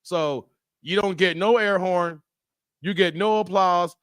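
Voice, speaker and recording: A man with a fairly high voice hosts a casual live stream. He jokes with his chat in a loose, rambling way and laughs often. The sound is dry and close. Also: takes it slowly, a bit bright, clean tone, dry recording. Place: Las Vegas.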